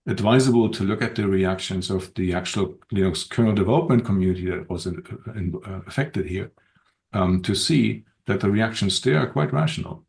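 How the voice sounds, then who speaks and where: Casting: deep-voiced man, measured podcast guest, pauses often to think. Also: creaky, darkish tone. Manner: thoughtful, measured, frequent ums and restarts. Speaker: podcast guest, open-source community director. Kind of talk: unscripted podcast conversation.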